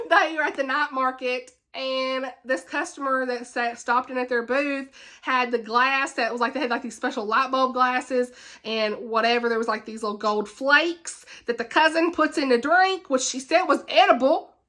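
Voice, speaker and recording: Bright-voiced, animated woman book vlogger. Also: sits high, moderate pace. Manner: animated, ranting, laughs often; chatty, with many fillers and repeats. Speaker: book reviewer, channel host. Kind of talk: casual book wrap-up chat.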